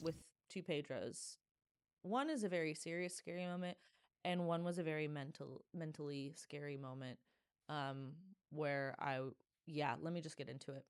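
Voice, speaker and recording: A woman hosting her own podcast, telling a story in a casual, animated way, full of "like" and dramatic asides. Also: deep voice, normal speed, smooth, no room sound, clean studio sound. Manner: animated, dramatic, filler-heavy with lots of "like". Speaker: podcast host.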